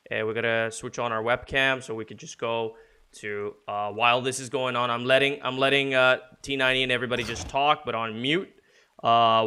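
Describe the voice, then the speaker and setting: A man's voice: medium pitch, bright, forceful tone, smooth. A man streaming from home, casting a strategy-game match with loose, jokey commentary that rambles and restarts. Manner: rambling, jokey, laughs often. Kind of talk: casual live game commentary.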